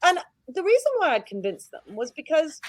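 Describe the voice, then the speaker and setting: A British head teacher, a woman, telling stories in a casual interview, outspoken and animated. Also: sits high, moderate pace, no echo. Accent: British English. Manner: outspoken, animated storytelling with laughs.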